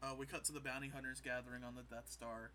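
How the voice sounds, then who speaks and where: Bright-voiced man recapping scenes. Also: mid-range voice, level tone, slight background noise. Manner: retells scenes with quick quoted voices and laughs. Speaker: podcast co-host recapping an episode. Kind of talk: casual chat.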